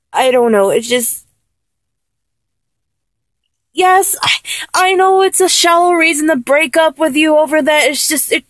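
A woman in a one-sided audio role-play, talking in a halting, stammering, apologetic way. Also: sits high, no room sound. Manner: halting, stammering, with many restarts.

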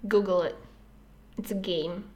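Woman, casual chat, guest, mid-pitched voice, swears a lot, jokey and self-mocking. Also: fairly even intonation, unhurried. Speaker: podcast guest.

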